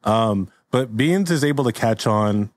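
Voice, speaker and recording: Male comedy podcast host, low voice, playful and laughing. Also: animated, measured pace. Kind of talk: improvised comedy storytelling.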